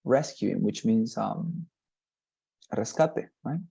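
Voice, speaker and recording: A man's voice: mid-range voice, dark tone. Patient man tutoring on a video call. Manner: patient, explains slowly with many fillers and restarts. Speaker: English tutor. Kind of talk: one-on-one online lesson.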